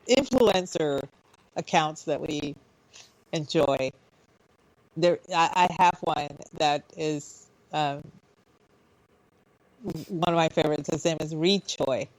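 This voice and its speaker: Woman radio co-host, low voice, dry close sound, chatty and halting. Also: a little mellow, dry recording, poor audio. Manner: chatty, halting restarts, laughs easily. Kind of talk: casual chat.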